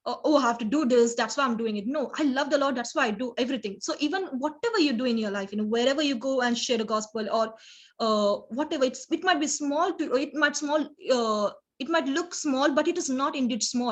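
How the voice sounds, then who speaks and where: Halting, earnest woman preacher. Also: high voice. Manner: halting, earnest, full of restarts and "you know". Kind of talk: informal sermon.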